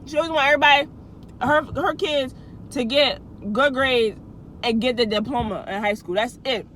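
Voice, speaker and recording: High-voiced young woman telling a story. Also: normal speed, fairly bright tone, slight background noise, low-quality recording. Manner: chatty slangy storytelling, restarts and asides to viewers. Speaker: vlogger. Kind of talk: casual storytime.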